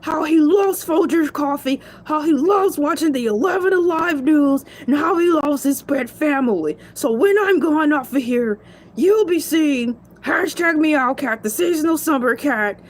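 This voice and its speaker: A woman's voice: sits high, lively intonation, measured pace. A woman voicing a cocky male shark who hosts a show, chatting playfully and bragging as he rambles. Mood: boastful. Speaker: stand-in show host. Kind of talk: comedic solo character show.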